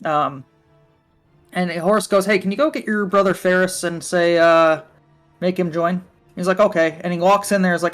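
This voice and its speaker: A man with a high voice rambles through a casual story on a stream voice call, full of fillers and cursing. Faint music plays underneath. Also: fairly even intonation, normal speed, a bit bright. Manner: rambling, with frequent fillers and swearing. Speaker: guest on a livestream. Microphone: voice call from a computer.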